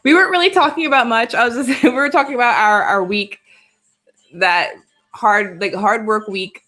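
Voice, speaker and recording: Laughing frequently and reading comments from viewers, a woman in her twenties hosts a casual live stream, her light New York accent marking her as from the Bronx. Her voice sits on the high side, bright and forceful, at a normal speed.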